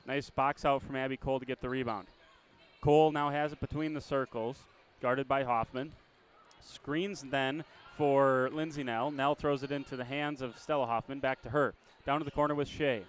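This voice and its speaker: Man calling high school basketball play-by-play. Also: steady tone, normal speed, smooth. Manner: chatty, self-correcting, chuckles at himself. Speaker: play-by-play announcer.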